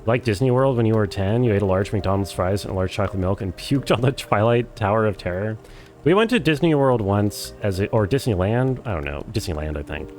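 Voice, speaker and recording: A man streaming a game, chatting casually and reading chat aloud in a rambling, deadpan, self-deprecating way. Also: fairly low pitch, fairly quick, soft background music. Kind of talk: casual live-stream chat while playing.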